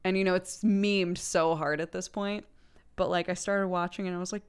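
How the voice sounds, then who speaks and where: A young adult woman streamer chatting casually with her viewers, laughing often and jumping up in pitch when she gets excited. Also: moderate pace, smooth.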